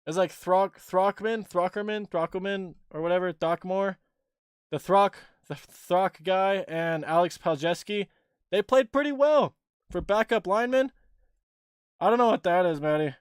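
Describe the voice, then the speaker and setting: A young man hosting a casual livestream, rambling excitedly about a game he just watched and swearing casually. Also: high voice, unhurried, clear, resonant tone, dry recording, clean studio sound. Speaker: livestream host and sports fan.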